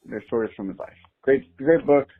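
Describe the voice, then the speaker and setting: A man's voice: medium pitch, normal speed, slightly rough. A man leaving a friendly, casual voice message recommending something to the show. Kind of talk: recorded voice message. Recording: tinny phone line with faint music.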